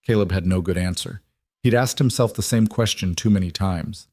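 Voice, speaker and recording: Low-voiced male storyteller. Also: moderate pace, warm tone, no echo, studio quality. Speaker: narrator. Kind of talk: scripted narration.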